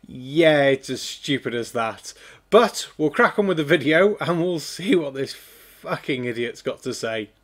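A man's voice: on the high side, expressive, unhurried, a bit bright. A man from Wales, hosting a sarcastic, swearing reaction commentary. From North Wales. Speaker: host.

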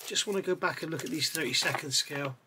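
A man reviewing scale model parts in a chatty way, pausing with fillers and correcting himself as he goes. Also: fairly high pitch, bright, forceful tone, slight background noise. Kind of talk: casual product review.

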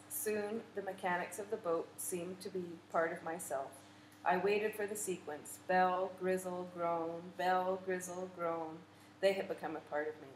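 A woman narrating a literary audiobook in a measured, vivid storytelling manner. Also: on the low side. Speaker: audiobook reader. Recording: echoey room with faint noise.

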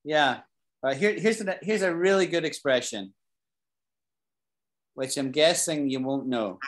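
A British man teaching an English class, explaining expressions slowly, repeating key phrases and asking his students questions. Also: on the high side. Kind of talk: live online English lesson.

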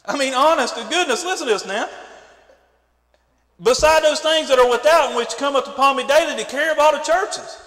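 A man's voice: very high-pitched, fairly bright tone. A man preaching a sermon in a church, driving his points home with repeated questions. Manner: fervent preaching with rhetorical questions. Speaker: pastor. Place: church sanctuary. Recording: echoey church hall.

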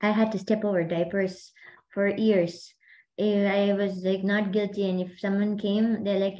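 A woman's voice: medium pitch, little pitch movement, measured pace, mellow, highs cut off. A woman hosting and coaching a group on a video call, talking in a chatty, rambling way full of fillers. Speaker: host and mindset coach.

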